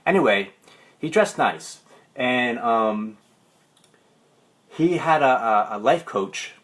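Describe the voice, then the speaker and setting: A man, a life coach, talking on a Facebook livestream, rambling through stories and then slowing into meditative phrasing. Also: mid-range voice, expressive, fairly bright tone. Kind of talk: Facebook live talk. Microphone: livestream camera.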